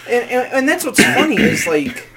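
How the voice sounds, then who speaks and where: A man's voice: very high voice, sing-song, normal speed, a loud crowd. A young man co-hosting a podcast. He rambles casually and fills his sentences with "like". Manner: rambling, heavy use of "like". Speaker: podcast co-host. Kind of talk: casual chat.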